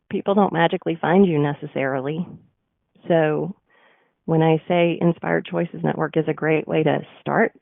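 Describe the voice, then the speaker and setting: A woman's voice: sits low, gravelly, no room sound. A woman with a nasal Southern US accent hosting a radio show, giving business advice in a chatty, earnest way with frequent fillers. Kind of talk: casual monologue with business advice. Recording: tinny phone-like line.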